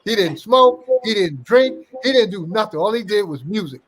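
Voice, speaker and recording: A man's voice: high voice, moderate pace. An older man telling a story in an interview, acting out the dialogue of the people in it as he goes. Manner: animated anecdote-teller, acting out quoted dialogue. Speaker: interview guest.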